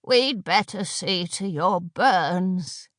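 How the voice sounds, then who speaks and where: A woman's voice: fairly low pitch, lively intonation, no room sound, clean studio sound. A woman doing a wheezing ancient witch. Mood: sly, croaking. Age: very old. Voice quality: rasping, wheezy. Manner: slow, knowing, teasing. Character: ancient wheezing female witch, sly and unhurried. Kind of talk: audiobook character voice.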